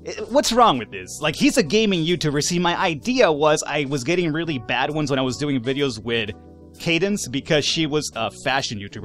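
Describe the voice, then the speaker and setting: A man giving casual, animated let's-play commentary, swearing, laughing and talking back to the game's characters. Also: mid-range voice. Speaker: gaming YouTuber.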